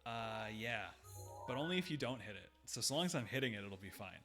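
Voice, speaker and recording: A man's voice: medium pitch, lively intonation, brisk. Male streamer thinking aloud over game music. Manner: thinks aloud, hesitant with fillers, dry humor. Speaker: game streamer, main player. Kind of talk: live gameplay chat.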